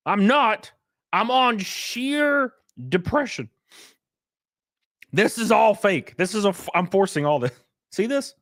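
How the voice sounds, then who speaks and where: Man, streamer, high voice, very animated, loud and joking. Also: no room sound, studio quality. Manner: loud, excitable and joking, with sudden yelps. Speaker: streamer host. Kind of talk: casual livestream chat.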